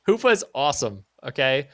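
A young man streaming a game, chatting casually in an excitable, rambling way and slipping into silly voices. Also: medium pitch, no echo, studio quality. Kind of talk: casual gaming stream chat.

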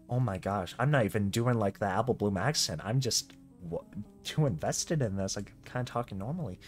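A reader casually reacting to and reading out a slideshow comic, full of excited exclamations. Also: medium pitch, a little fast, slightly rough, faint music behind.

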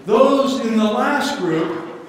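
A man's voice: extremely high pitch, lively intonation, extremely slow. A man preaching a sermon, telling a story with dramatic flair in a large church hall. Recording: echoey hall, mic far off.

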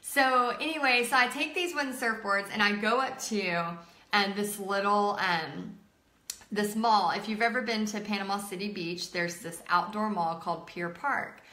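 Thirties woman hosting a live art stream, tells stories in a bright, chatty way, recorded in an echoey room. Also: medium pitch, normal speed. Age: 30s. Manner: chatty, filler-heavy, emotional retelling. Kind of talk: casual live-stream storytelling.

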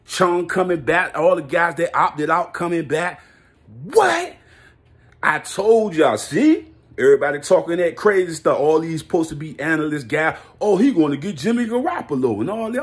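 A man vlogging a hyped, slangy football rant, laughing and repeating himself in his excitement. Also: a little high, moderate pace. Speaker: sports vlogger.

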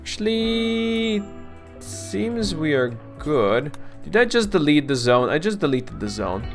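A man casually commenting on his game, coaxing his colonists, grumbling and swearing at setbacks, and clearing his throat now and then. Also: fairly high pitch, very animated, takes it slowly, faint music behind. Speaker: let's play gamer.

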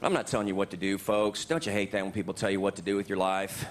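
A middle-aged man performing a stand-up comedy set on a club stage, animated and often jumping into silly voices. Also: quick pace. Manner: animated, jumps into high silly voices for bits. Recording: live club recording with crowd laughter and noise. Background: audience laughter.

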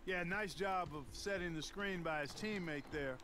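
A man giving calm, analytical color commentary in a basketball video game. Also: high voice, moderate pace.

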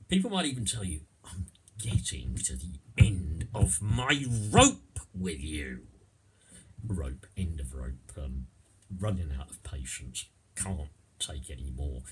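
A man's voice: a bass voice, slight background noise. A man giving a casual, playful lesson on idioms, now and then slipping into comic voices. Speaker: English teacher.

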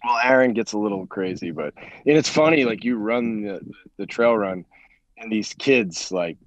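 A man's voice: fairly low pitch, moderate pace, no room sound, highs cut off. A man, a sports agent, chatting as a podcast guest in a rambling way with many restarts. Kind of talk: casual podcast chat.

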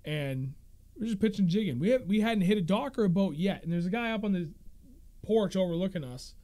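A man in his thirties hosting a fishing podcast, telling stories in a casual, animated way and laughing often. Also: high-pitched, a little fast. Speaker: podcast host. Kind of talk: casual chat.

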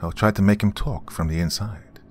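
A man's voice: deep voice, steady tone, normal speed, a little mellow. A man doing a commanding Italian necromancer. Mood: grave. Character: urgent Italian male necromancer.

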